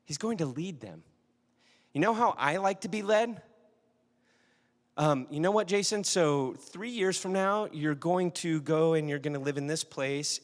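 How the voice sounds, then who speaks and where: Fairly high-voiced man preaching, hall reverb. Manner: conversational storytelling, asks the audience questions. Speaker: pastor. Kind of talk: sermon.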